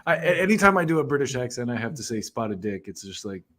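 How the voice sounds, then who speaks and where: A man's voice: medium pitch, very animated, fast talker, a bit bright. A man hosting a live online music talk show, chatting casually in a laid-back, joking way that tends to ramble. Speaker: podcast host. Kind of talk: casual live-stream chat.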